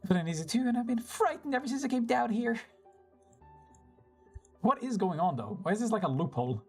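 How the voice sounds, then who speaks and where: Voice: medium pitch, sing-song, darkish tone, breathy edge, soft background music. A young-adult streamer chatting with viewers over live gameplay, teasing them, laughing a lot and swearing casually. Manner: chatty, teasing and quick to react.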